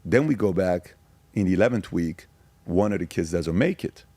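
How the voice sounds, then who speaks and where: A man's voice: low-pitched, animated, moderate pace, dark tone, breathy edge, no room sound. Emphatic man from Iran, dry close sound. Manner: emphatic, fires rhetorical questions. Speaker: podcast guest. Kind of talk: casual storytelling interview.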